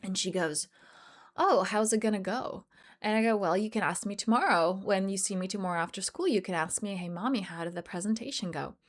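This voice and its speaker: Woman coach, non-native English speaker, earnest motivational storyteller, mid-pitched voice. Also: fast talker, hardly any pauses. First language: not English. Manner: earnest, storytelling with quoted dialogue. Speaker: life coach. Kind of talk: motivational talk to camera.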